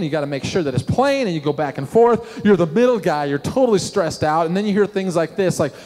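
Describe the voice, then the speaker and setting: A middle-aged man, a pastor preaching a sermon and telling animated stories with questions to the congregation. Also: fairly high pitch, a little fast, few pauses. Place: church sanctuary. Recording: long hall reverb.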